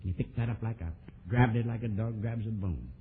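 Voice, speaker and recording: A man preaching a sermon, telling a story and swinging from soft, low asides to emphatic, raised lines. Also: a little fast, breathy edge. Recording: old tinny lo-fi sermon tape.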